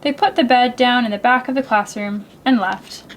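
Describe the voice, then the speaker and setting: A woman librarian reading a picture book aloud to children in a gentle, expressive, sing-song way. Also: a little high, moderate pace, a little hiss or hum, rough recording. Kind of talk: storytime read-aloud for children.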